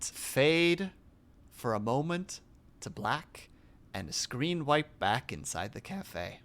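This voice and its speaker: A woman reading deadpan stage directions for a comedy skit. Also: a bass voice, takes it slowly. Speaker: streamer.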